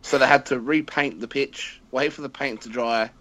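A man's voice: mid-range voice, steady tone, moderate pace, bright, forceful tone. A man in a casual football chat, chiming in with dry, short remarks. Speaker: podcast co-host.

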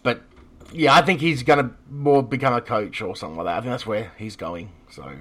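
A man's voice: mid-range voice, a little fast, a bit bright. A man co-hosting a casual football chat, joking and swearing freely. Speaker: podcast co-host.

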